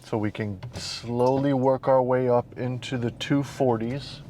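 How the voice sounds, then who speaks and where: A man's voice: mid-range voice, fairly even intonation, a little slow, warm tone, slight background noise. A young man talking casually to camera for a fitness vlog, playful and self-mocking, partly from inside a car. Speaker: fitness vlogger.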